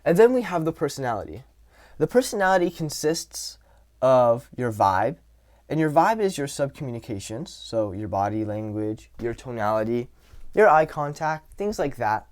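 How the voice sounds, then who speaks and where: A man's voice: medium pitch, big pitch swings, normal speed. A young man giving casual dating and self-improvement advice, talking loosely with fillers and restarts. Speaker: dating and social skills coach. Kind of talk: casual advice talk to camera.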